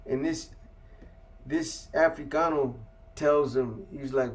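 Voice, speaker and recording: A man from California spinning a long story in casual, laid-back street slang, swearing freely as he goes. His pitch sits at an ordinary middle level for a man, and his delivery stays unhurried and conversational. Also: steady tone. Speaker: interview guest.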